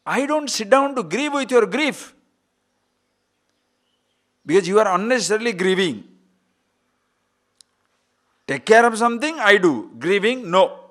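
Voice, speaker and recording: Man, spiritual teacher, animated swooping voice, rather high, playful, laughs, rhetorical questions. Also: unhurried, pauses often. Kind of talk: lively spiritual talk.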